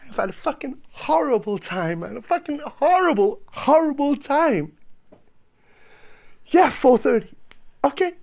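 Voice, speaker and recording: Gravelly, swearing stand-up comedian. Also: male voice, very high-pitched, very animated, unhurried, pauses often. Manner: sweary, pleading, flaring into shouts. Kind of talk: live stand-up storytelling. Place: live comedy venue.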